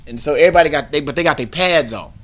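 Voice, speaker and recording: A man co-hosting a podcast, telling a story in casual chat, profane and boisterous, breaking into shouted yells. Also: on the high side, very fast, slight background noise. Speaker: podcast co-host.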